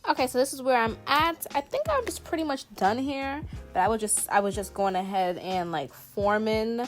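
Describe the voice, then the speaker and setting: A woman's voice: on the high side, expressive, normal speed, faint music behind. Chatty young woman with a country accent. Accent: Southern US country. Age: 20s. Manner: chatty, playful, emphatic, says "like" a lot. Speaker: beauty vlogger. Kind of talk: hair tutorial, casual chat to camera.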